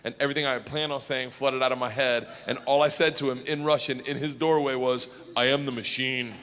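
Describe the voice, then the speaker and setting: Brief: male stand-up comic, bright and forceful voice, loud rowdy storytelling, live hall recording with crowd noise. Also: medium pitch, steady tone, quick pace. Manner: loud, rowdy, laughing through punchlines. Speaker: stand-up comedian.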